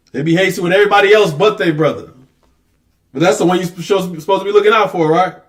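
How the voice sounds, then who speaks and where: High-pitched preacher guy, chatty but hammering his point, reads out bible verses. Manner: conversational, emphatic, mocks excuses in lowered voice. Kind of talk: street-level sermon with scripture reading.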